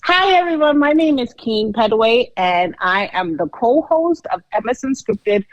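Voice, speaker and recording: A woman's voice: on the high side, animated, measured pace, dry recording, muffled recording. A woman co-hosting a podcast, telling her own story in a candid, chatty way. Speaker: podcast co-host.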